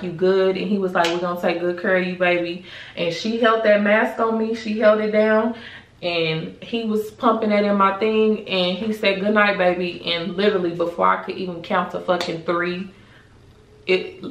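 A young woman chats through a storytime vlog, blunt and profane, leaning on "like" again and again. Her mid-pitched voice bounces around a roomy space. She sits a little way off from the camera mic. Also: a bit bright, distant mic, a little hiss or hum. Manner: candid and profane, heavy filler "like". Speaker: vlogger. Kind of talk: casual storytime chat. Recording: roomy echo, voice set back from the mic.

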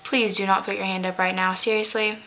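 A woman's voice: medium pitch, little pitch movement, a little fast, fairly bright tone, soft background music, poor audio. Chatty, giggly teen girl vlogger. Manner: chatty, giggly, corrects her own slips. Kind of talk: casual chat to camera.

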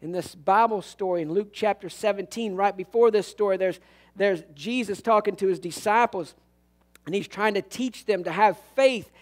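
A man preaching a sermon as pastor, animated and folksy, swinging from loud bursts to hushed tones and telling humorous stories. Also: high-pitched, normal speed.

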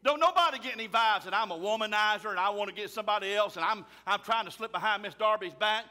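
A man, a pastor preaching a fiery sermon loudly and emphatically. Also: high voice, fast. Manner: loud, emphatic, raises his voice.

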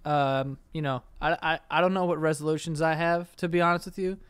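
Chill guy on a podcast, kinda high voice, swears casually, super dry mic. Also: fairly even intonation, brisk, fairly bright tone, clear, resonant tone, dry recording. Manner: laid-back, loose and profane. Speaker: podcast co-host. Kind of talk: casual chat.

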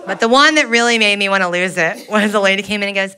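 A woman's voice: mid-range voice, quick pace, hardly any pauses. A woman performing a brash, exasperated stand-up comedy set on a club stage. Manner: brash, exasperated, loud outbursts. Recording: live club recording with audience laughter. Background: crowd laughing.

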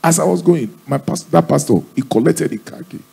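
A man with a Nigerian accent telling a comic story on a live stage, deadpan and acting out the dialogue. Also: a little high, brisk, creaky, breathy edge. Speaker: stand-up comedian.

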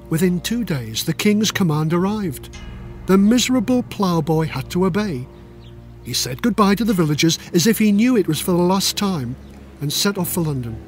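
A man's voice: high voice, lively intonation, moderate pace, soft background music. An older man reading his own children's history book aloud in a playful, dramatic storytelling manner. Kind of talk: audiobook narration for children.

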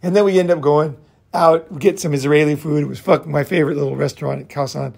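A man's voice: fairly high pitch, fairly even intonation, fast, creaky, darkish tone, husky. A middle-aged man telling stories in a rambling casual monologue, full of fillers and swearing. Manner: rambling storytelling with frequent profanity and fillers. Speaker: podcast host.

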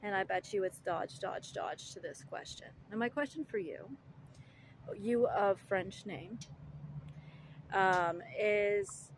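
A woman's voice: mid-range voice, takes it slowly, slight background noise, low-quality recording. A woman delivering an indignant, argumentative monologue, full of rhetorical questions, fillers and restarts. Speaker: vlogger.

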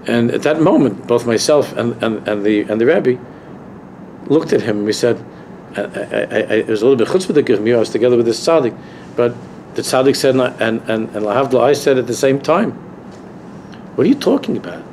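A man's voice: medium pitch, brisk, a little mellow, slight background noise. A man, a rabbi, teaching a Torah class to students in an emphatic, repetitive way that builds to impassioned peaks. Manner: emphatic, repeats key phrases, rising to impassioned peaks. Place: university lecture room.

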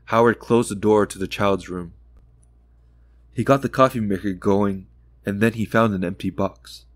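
Low, measured male narrator for a sleep audiobook, calm reading, dry close studio sound. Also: dry recording.

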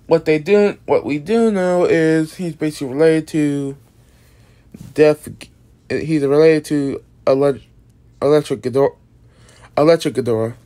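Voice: mid-range voice, unhurried, long pauses, warm tone. A casual video creator explaining an original monster character, rambling with many restarts and casual swearing, sounding tired. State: tired, yawning.

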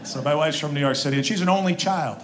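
A man's voice: on the high side, quick pace, a bit bright. A man in his forties doing a conversational, self-deprecating stand-up set with quoted asides, on a live club stage. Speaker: stand-up comedian. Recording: live room with crowd laughter and noise. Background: audience laughter.

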